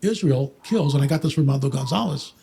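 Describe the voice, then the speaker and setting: A man talking quickly and emphatically about Bible prophecy on a podcast, quoting scripture and mocking skeptics. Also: fairly high pitch, expressive, vocal fry, warm tone, a little hiss or hum. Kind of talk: fast, preachy podcast talk.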